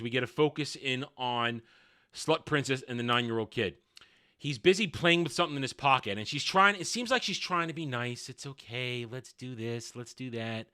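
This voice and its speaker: A man's voice: medium pitch, pushed and bright. A man giving a casual, sarcastic and blunt review of a TV episode. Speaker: TV show reviewer. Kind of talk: casual video review commentary.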